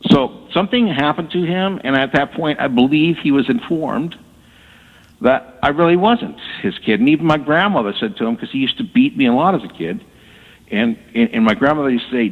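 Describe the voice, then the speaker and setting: A man telling his story as a guest on a radio interview, halting and repeating words as he talks. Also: medium pitch, expressive. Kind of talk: casual storytelling. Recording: tinny phone line with long reverb.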